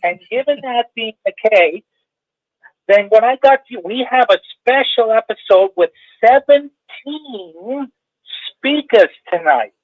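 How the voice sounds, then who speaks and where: A man on a phone call putting on an impression of an overblown male talk-show host, announcing slowly and grandly. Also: very high-pitched, animated, no room sound, pitched above the performer's own voice, heavily acted. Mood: hammy. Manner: slow, drawn-out showman announcing. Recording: tinny phone line.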